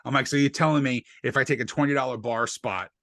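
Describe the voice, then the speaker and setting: Speaking fast in a mid-range voice, a comedian from New Jersey tells loose podcast stories, swearing and animatedly mimicking what others said. His desk USB microphone delivers clean studio sound with no echo.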